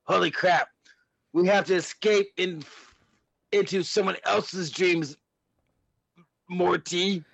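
A man's voice: sits high, steady tone, slow, gravelly, long pauses, a bit bright, no echo, full character voice. A man voicing a panicky older male scientist with frantic exclamations. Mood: alarmed. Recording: dull lo-fi sound.

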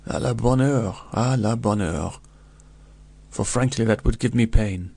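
A man's voice: on the low side, unhurried, gravelly, darkish tone. A man voicing a fawning middle-aged innkeeper who hesitates with small fillers, in a storybook reading. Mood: obliging. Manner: obliging, hesitant with "uh".

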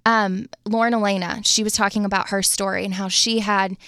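A woman's voice: mid-range voice, level tone, fairly quick, fairly bright tone, clean tone, dry recording, studio quality. A woman guest who works in radio, sharing a personal testimony in casual chat with an earnest, reflective storytelling manner. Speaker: radio show guest, phone screener.

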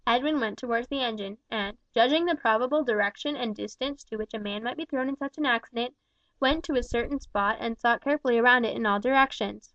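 A woman reads a novel aloud in a steady, measured manner. Her voice sits somewhat high. The recording is dry and a little dull. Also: no echo. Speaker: audiobook reader. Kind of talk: scripted narration.

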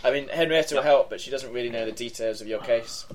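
Relaxed man running a tabletop game. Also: mid-range voice, fast talker, slight background noise. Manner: relaxed, full of fillers. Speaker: game master.

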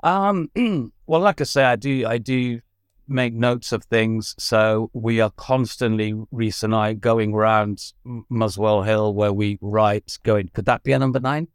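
A male actor and writer being interviewed, talking thoughtfully with frequent ums and lively swings in pitch. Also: a little slow, clean tone, no room sound, studio quality. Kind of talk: casual interview chat.

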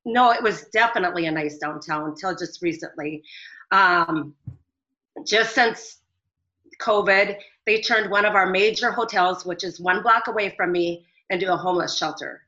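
A woman's voice: lowish voice, moderate pace, pushed and bright. A middle-aged woman, a business owner calling into a talk show, recounting events in an earnest, rambling way. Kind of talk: phone-in interview. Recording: dull lo-fi audio.

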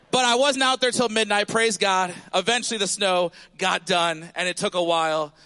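A high, bright-toned man in his thirties preaches to his congregation. He tells an animated story and keeps calling out to the room for answers and responses. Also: brisk, hardly any pauses. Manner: animated storytelling with audience call-outs. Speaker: pastor. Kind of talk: sermon. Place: church sanctuary.

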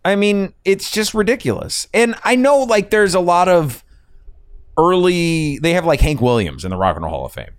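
A man with a high-pitched, smooth voice hosts a podcast, chatting casually while rambling, swearing and chuckling at his own stories. The audio is studio quality with no room sound.

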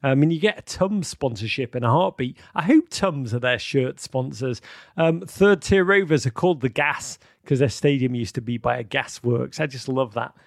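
A man hosting a live-streamed football chat, excitable and theatrical, swinging from outbursts to mock gloom with many ums. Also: mid-range voice, moderate pace, creaky, no room sound, studio quality. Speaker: host.

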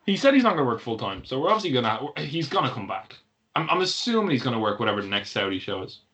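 A man's voice: mid-range voice, sing-song, rapid-fire, fairly bright tone. A man co-hosting a casual wrestling podcast, rambling with lots of fillers and easy laughs. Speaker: podcast co-host.

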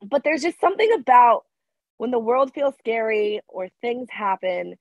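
A woman's voice: a little high, expressive, moderate pace, a little mellow, dry recording. A woman co-hosting a podcast in casual chat, talking emphatically and repeating herself for emphasis, her voice sick. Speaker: podcast co-host. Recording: dry, dull lo-fi sound.

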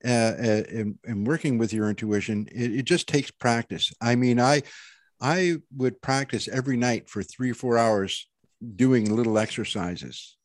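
A man's voice: medium pitch, measured pace, no room sound. A man in casual conversation, earnest and meandering, restarting his thoughts often as he explains how he reads people. His voice sits in the middle of the male range and is recorded dry and close. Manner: rambling, many restarts, earnest. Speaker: intuitive reader. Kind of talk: casual panel chat, giving a reading.

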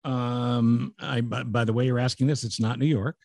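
A man's voice: mid-range voice, steady tone, moderate pace, vocal fry, a little mellow, no room sound, studio quality. A man co-hosting a casual chat podcast, joking and teasing in banter. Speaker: podcast co-host.

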